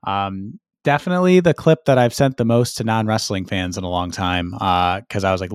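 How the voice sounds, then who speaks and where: A man co-hosting a podcast, relaxed in casual chat and leaning on strong adjectives for emphasis. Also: fairly low pitch, normal speed, hardly any pauses, clear, resonant tone, dry recording, clean studio sound. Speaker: podcast co-host.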